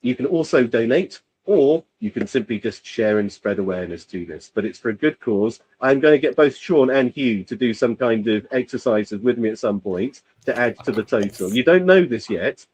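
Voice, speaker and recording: A man's voice: mid-range voice, animated, normal speed, few pauses, a little mellow, slightly rough, low-quality recording. A man co-hosting a podcast, talking casually and rambling with lots of fillers, from the UK. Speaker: podcast co-host. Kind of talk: casual chat.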